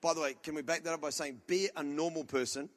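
A man preaching a sermon as a pastor, telling loud, animated stories with comic outbursts. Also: on the high side, fast talker.

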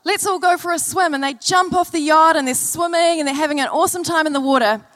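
High-voiced woman preaching a sermon. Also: quick pace, fairly bright tone. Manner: earnest, storytelling, repeats key phrases. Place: church service.

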